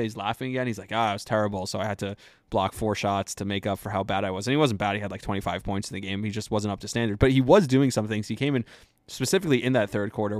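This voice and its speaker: A man hosting a podcast, telling sports stories in a chatty, excited way with lots of fillers. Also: lowish voice, dry recording, clean studio sound. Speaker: podcast host. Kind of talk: casual sports talk.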